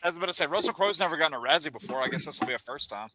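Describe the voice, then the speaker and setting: A man's voice: on the high side, expressive, very fast, crowd noise. A man co-hosting a casual movie chat with wry, dry-humored remarks. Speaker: co-host.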